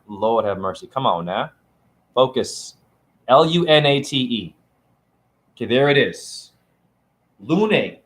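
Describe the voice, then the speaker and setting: A man live-streaming as a self-styled spiritual teacher to his chat, preachy and taunting, firing off rhetorical questions. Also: medium pitch. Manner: preachy and taunting, keeps asking "right?". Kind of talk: live-stream rant to viewers. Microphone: phone camera.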